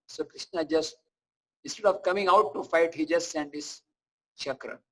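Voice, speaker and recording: A man giving a scripture class, telling stories in a chatty, animated way with asides to listeners. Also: fairly high pitch, moderate pace, rough recording. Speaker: preacher.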